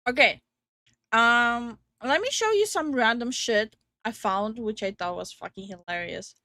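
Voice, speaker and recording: A woman's voice: fairly high pitch, animated, unhurried, sharp tone, no room sound, clean studio sound. A young woman co-hosting a casual livestream from home, giggly and greeting chat viewers by name. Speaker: streamer co-host. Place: home streaming room.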